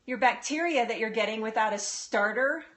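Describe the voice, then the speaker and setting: A woman's voice: a little high, normal speed, a bit bright. A woman hosting a casual live cooking demo, chatting with viewers and laughing often. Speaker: live-stream cooking host. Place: home kitchen.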